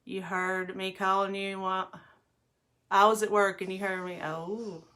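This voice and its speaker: Her voice is mid-range, level, bright and forceful, and she doesn't hurry. This middle-aged livestream host chats to viewers and rambles through stories while applying makeup in the bathroom at home.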